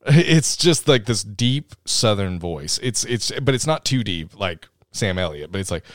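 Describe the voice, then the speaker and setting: Man, podcast co-host, jokey film recap, lively swooping delivery, dry sound. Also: on the low side, measured pace, hardly any pauses, no room sound. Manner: animated, jokey recapper of scenes.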